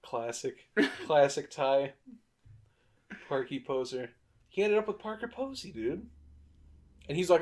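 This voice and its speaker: Animated, foul-mouthed man chatting movies. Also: fairly high pitch, measured pace, pauses often. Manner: animated storyteller, swears freely. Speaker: podcast co-host. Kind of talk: casual movie-review chat.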